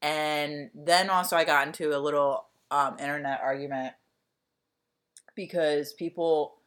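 A woman's voice: deep voice, fairly bright tone. A woman, co-hosting a podcast in casual, rambling chat full of fillers and swearing. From Delaware County, Pennsylvania. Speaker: podcast co-host.

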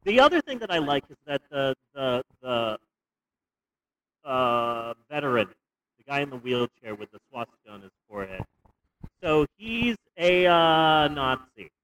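A young man co-hosting a podcast, telling stories in a rambling, animated way with stumbles and restarts. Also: mid-range voice, a little slow, clean tone, poor audio. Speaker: podcast co-host. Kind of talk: casual comedic movie review chat.

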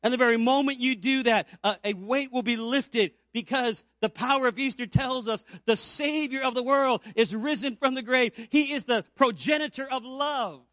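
Man, pastor, fifties, Easter sermon, high voice, builds to emphatic peaks then drops quiet. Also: moderate pace, hardly any pauses, dry recording, studio quality. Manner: preaching with rising emphatic peaks and quiet low stretches.

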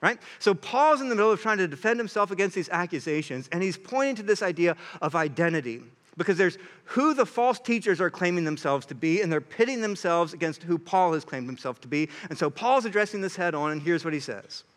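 A young man preaching a sermon, earnest and animated, sometimes acting out what others say. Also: high-pitched, fairly quick, hardly any pauses. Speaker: pastor.

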